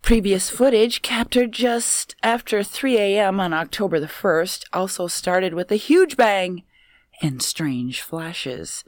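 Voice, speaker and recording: A woman co-hosting a comedy podcast, reading odd news stories aloud in a measured way. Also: medium pitch, no echo, studio quality. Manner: measured story reading, quick to laugh.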